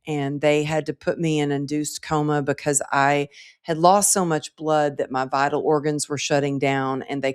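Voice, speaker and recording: Low-voiced woman telling her story. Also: smooth. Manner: earnest, emphatic storyteller acting out quoted voices. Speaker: interview guest, author and speaker. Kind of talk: personal storytelling in a podcast interview.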